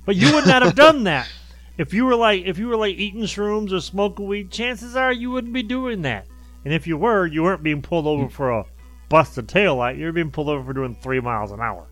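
Man in his thirties, slightly high voice, laughs while telling a story, faint music bed. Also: lively intonation, a little fast, fairly bright tone, no echo. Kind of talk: casual chat.

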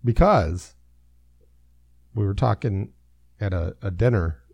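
A man's voice: lowish voice, expressive, takes it slowly, gravelly, darkish tone, slightly rough, dry recording, dull audio. A man co-hosting a casual chat, telling laid-back stories and laughing often.

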